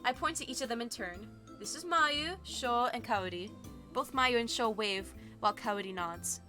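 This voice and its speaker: A young woman streamer reading a game's story aloud, bubbly and excitable with gushing asides. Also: on the high side, normal speed, faint music behind. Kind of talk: reading a visual novel aloud with commentary.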